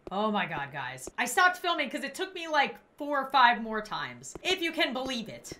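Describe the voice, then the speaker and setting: Young woman gaming host, fairly high voice, excitable and chatty with viewers. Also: normal speed, a little hiss or hum. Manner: jumpy, exclaims and talks to viewers. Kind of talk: let's play commentary. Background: game music.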